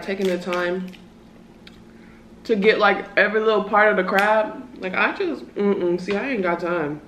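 A woman's voice: mid-range voice, a bit bright, slight background noise. A woman in her early twenties vlogging a casual mukbang chat, slangy and talking while eating. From Southern California. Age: early 20s. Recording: roomy echo.

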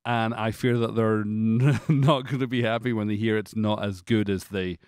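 A middle-aged man whose Scottish accent has drifted toward American, talking with a slightly low voice. He co-hosts a casual podcast, chatty and self-deprecating, with lots of asides. The sound is close and dry. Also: fairly even intonation, normal speed, a little mellow, smooth, no room sound. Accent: Scottish, worn toward American. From Scotland. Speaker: podcast co-host. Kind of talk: casual conversational podcast chat.

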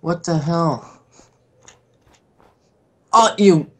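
A man's voice: fairly high pitch, very slow, background noise. A young man hosting a casual let's play, exasperated and swearing through his commentary. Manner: exasperated, swears, frequent outbursts.

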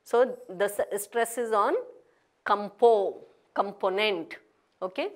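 A woman's voice: medium pitch, a little slow. A woman teaching pronunciation, spelling words out letter by letter and repeating each one with careful emphasis. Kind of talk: slow classroom pronunciation lesson.

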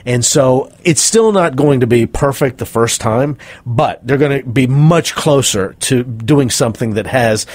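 Speaking at a measured pace with few pauses, a middle-aged man with a mid-range voice tells interview stories as a performance coach. Recorded with no echo, he animatedly performs the voices of people he quotes.

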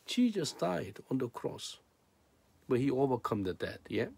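A man preaching a sermon in broken, non-native English, swinging between loud emphatic peaks and low hushed asides. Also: sing-song, measured pace, vocal fry, slightly rough.

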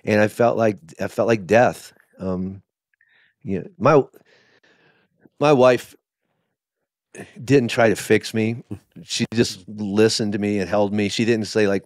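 A middle-aged man, a pastor, telling his story in a candid interview, halting with many restarts. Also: lowish voice, steady tone, no echo, clean studio sound. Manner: emotional, halting, with many restarts and quoted asides. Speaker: lead pastor.

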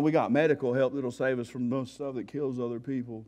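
A man speaking in church, preaching his own story of being rescued from addiction. He talks in loose street slang and acts out his old panic with animated energy, then drops into earnest exhortation. His voice sits at an ordinary middle pitch for a man. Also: fast talker, few pauses. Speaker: testimony speaker at a recovery revival. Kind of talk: sermon-style testimony.

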